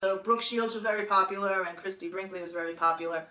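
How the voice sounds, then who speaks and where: A woman's voice: mid-range voice, steady tone, fast talker. A woman in her sixties telling a long personal story in a chatty, rambling way, often laughing. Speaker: podcast host. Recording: roomy, distant from the mic, faint noise.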